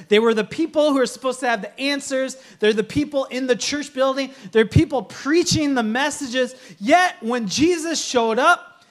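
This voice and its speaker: A man's voice: very high-pitched, a bit bright. A man preaching as a pastor in a church, earnest and emphatic, now and then slipping into playful humor. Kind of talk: sermon.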